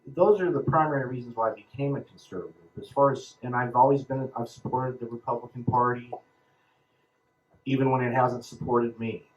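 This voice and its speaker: A man in his fifties from Southern California giving a halting personal account as a panel speaker, full of ums and restarts. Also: medium pitch, fairly even intonation, darkish tone, muffled recording. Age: 50s.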